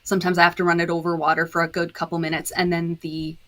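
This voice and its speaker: A woman's voice: fairly low pitch, level tone, fast, a bit bright. A woman guest on a podcast, explaining her dyeing process step by step in a casual chat, with frequent fillers. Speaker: podcast guest, disc dyer.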